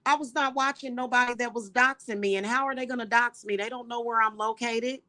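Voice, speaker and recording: A woman hosting a livestream, ranting indignantly at her viewers with exasperated rhetorical questions and slow, emphatic repetition. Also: on the high side, fairly even intonation, bright, forceful tone, no echo. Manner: repeats points slowly and emphatically. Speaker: livestream host.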